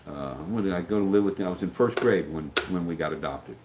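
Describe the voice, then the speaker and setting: A middle-aged man with a very low voice, talking loosely on a livestream and answering viewer comments. He wanders off track, backs up, and acts out the people he quotes. A faint hum of noise sits behind him. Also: fast. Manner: rambling, loses his train of thought, acts out quoted voices. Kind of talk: casual livestream chat.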